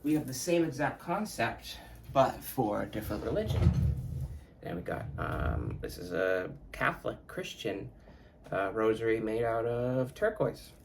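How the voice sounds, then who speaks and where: A man's voice: medium pitch, very animated, measured pace, vocal fry, background noise. A man hosting his own podcast, talking casually in a rambling, profane way that often corrects itself. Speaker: podcast host. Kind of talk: casual solo podcast talk.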